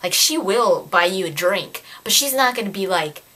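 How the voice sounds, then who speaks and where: A woman talks through a book review in a casual rant. She sounds exasperated and animated, and her voice sits at an ordinary middle pitch. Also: normal speed.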